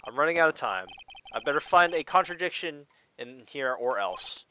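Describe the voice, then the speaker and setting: A man's voice: a little high, animated, normal speed, sharp tone, a little hiss or hum. A man voicing an earnest young male defense attorney who mutters to himself and argues emphatically. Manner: earnest, self-talking, emphatic.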